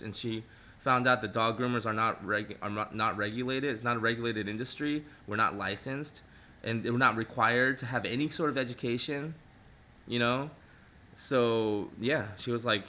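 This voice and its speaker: A middle-aged mobile dog groomer chatting casually with viewers, animated and laughing often as he acts out little voices. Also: lowish voice, normal speed, slight background noise. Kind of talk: casual live-stream chat reading viewer comments.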